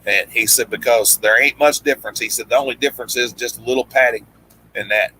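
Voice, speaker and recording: A man with a drawl tells a loose, meandering story, stopping and restarting often. His voice is bright and forward, and he jumps into quoted lines as he recounts them. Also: medium pitch, steady tone, fast talker, a little hiss or hum, poor audio. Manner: rambling, many restarts, acts out quoted lines. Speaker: guest storyteller, former pro wrestler. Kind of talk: casual storytelling chat.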